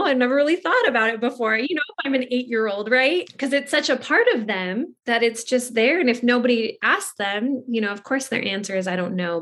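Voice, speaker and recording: A woman hosting a podcast, telling a story from her own work in a casual way, often fading softly at the ends of her thoughts. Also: a little high.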